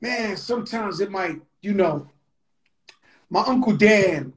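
A man's voice: sits high, expressive, slow, a little hiss or hum. A man hosting a live video chat, telling stories animatedly and swearing freely. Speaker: host. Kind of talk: casual live-stream chat. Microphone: phone on a live video call.

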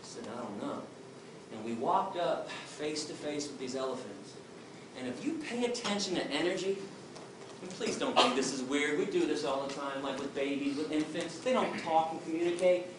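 A man giving a forceful, emphatic answer to an audience question as an activist lecturer, voicing quotes with a lot of emphasis. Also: a little high, moderate pace. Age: 20s. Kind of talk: impassioned Q&A answer. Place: large lecture hall. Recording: very echoey hall from far off, noisy.

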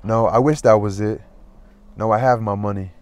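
A man reading a novel aloud in an even, plain manner, lightly voicing the dialogue. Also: lowish voice, moderate pace. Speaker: audiobook reader.

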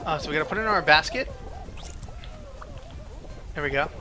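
A man giving excited, animated commentary over his own gameplay, yelping and laughing at his mishaps. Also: a little high, a little fast, soft background music. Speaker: gaming video host.

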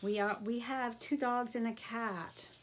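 Slow-talking, gushing middle-aged woman. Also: fairly high pitch, steady tone, slight background noise. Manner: gushing, chatty, easily delighted. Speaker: craft vlogger. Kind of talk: casual unboxing chat.

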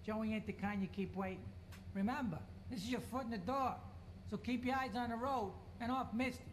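An actor playing a gruff middle-aged mob pimp boss in a video game cutscene, giving curt, demanding orders. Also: male voice, very high-pitched, a little fast, a little hiss or hum. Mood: brusque.

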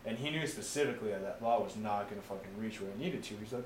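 A man's voice: medium pitch, quick pace. A young man, a veteran, casually telling war stories, swearing often and acting out what people said. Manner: profane, animated, acts out quotes. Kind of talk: casual oral history storytelling. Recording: echoey room with faint noise.

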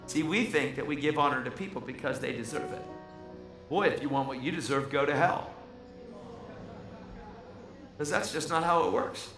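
A male preacher delivers an emphatic sermon, swinging into fervent storytelling. His voice sits on the high side. It echoes through a hall with music playing behind.

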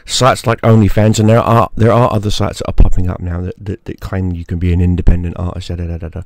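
This gaming YouTuber's profane rant comes straight to camera, crude and mocking, with lots of repetition for emphasis. His low voice is flat and fast, recorded dry with clean studio sound.

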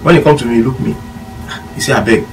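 A man's voice: medium pitch, fairly even intonation, fast talker, darkish tone, distant mic, low-quality recording. A man speaking Nigerian Pidgin-accented English rattles through his anecdotes at speed, acting out both sides of each exchange. He sits some way from the mic, with a faint hum of room noise behind him. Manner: rambling anecdotes with quoted dialogue. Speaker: former footballer guest. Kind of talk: casual storytelling chat.

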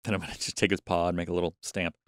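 A man's voice: low voice, level tone, rapid-fire, no room sound. A man co-hosting a podcast, chatting casually and rambling with many restarts. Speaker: podcast co-host. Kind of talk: casual chat.

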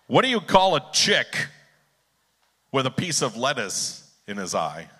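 A man's voice: medium pitch, sharp tone, slightly rough. A man telling corny jokes at a live contest, teasing the crowd when they don't laugh. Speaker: joke contest entrant. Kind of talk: live stage joke-telling. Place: theater stage, live event. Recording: long theater hall reverb.

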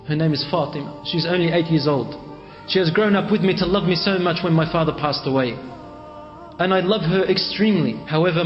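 Male preacher, dramatic storytelling, long hall reverb, soft music behind. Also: a little high. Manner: retells a story in quoted speech, mixing in Arabic phrases. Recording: echoey hall, dull lo-fi sound, faint music.

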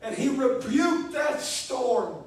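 A man's voice: very high voice, sing-song, slow. A man preaching a sermon as pastor, speaking emphatically and repeating key words. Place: church sanctuary. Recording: echoey church, distant mic.

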